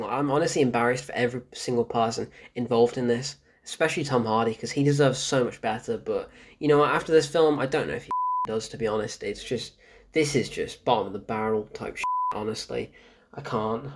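A man's voice: medium pitch, brisk, husky. A man giving a casual spoken film review, ranting in exasperation, swearing often and laughing in disbelief.

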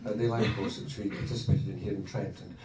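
A man co-leading a marriage course, talking informally to a group of couples in a good-humoured, halting way and laughing often. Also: low voice, fairly even intonation. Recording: roomy hall, distant mic, faint noise.

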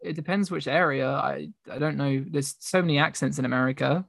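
Young woman, low voice, dry sound, rambling casual podcast chat. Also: a little fast, gravelly, no echo. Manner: rambling, giggly storytelling. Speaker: podcast host.

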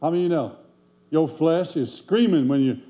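A pastor preaches in a folksy, conversational way, firing rhetorical questions at his congregation. His voice sits a bit high but sounds mellow and warm. A faint electrical hum runs under the recording. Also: fairly quick, highs cut off. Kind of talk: sermon.

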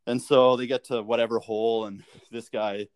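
A man's voice: medium pitch, little pitch movement, moderate pace, dry recording. Laid-back male guest telling anecdotes. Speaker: guest, professional golfer. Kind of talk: casual chat.

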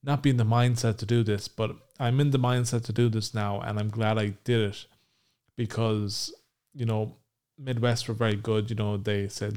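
A young man talks through a personal update in a loose, rambling way. His voice is fairly low and smooth, and he stops often on ums while poking fun at himself. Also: fairly even intonation, moderate pace, a little mellow. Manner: rambling, self-deprecating, frequent ums. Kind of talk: casual personal update to camera.

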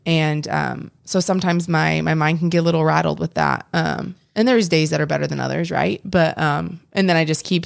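A woman's voice: low voice, moderate pace, creaky, hardly any pauses, dry recording, clean studio sound. A young adult woman co-hosting a casual faith podcast, earnest and rambling with frequent restarts. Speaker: podcast co-host.

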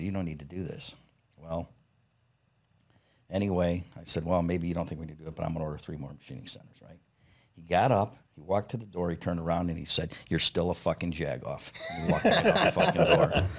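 With a low, breathy voice, a middle-aged guest who founded a parts company swaps stories in a relaxed interview. He's blunt and foul-mouthed, and laughter keeps slipping into his talk.

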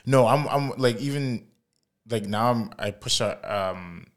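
A young man from Calgary co-hosting a casual podcast, animated and slangy, laughing easily. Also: medium pitch, measured pace. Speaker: podcast co-host. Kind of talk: casual chat.

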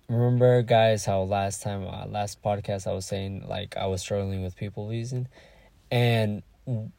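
A man's voice: lowish voice, gravelly, darkish tone, dry recording. A young man hosting a casual solo podcast, talking candidly and rambling, searching for words and swearing freely. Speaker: podcast host.

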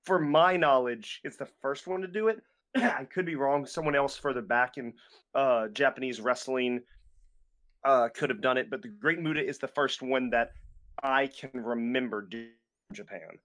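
Co-hosting a podcast, this young man speaks at medium pitch and a moderate pace with a fairly bright tone. His talk is loose, casual chatter packed with fillers and restarts.

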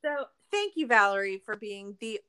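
A woman's voice: mid-range voice, very animated, normal speed, sharp tone, smooth. A young woman co-hosting a podcast in casual chat, laughing often, swearing and ranting sarcastically. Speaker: podcast co-host.

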